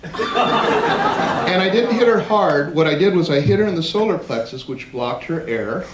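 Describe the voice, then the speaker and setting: A man giving a live platform presentation, telling lively anecdotes and acting out other people's lines for an audience. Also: high-pitched, measured pace. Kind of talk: storytelling talk to a live audience. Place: large event hall. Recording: roomy hall with faint noise.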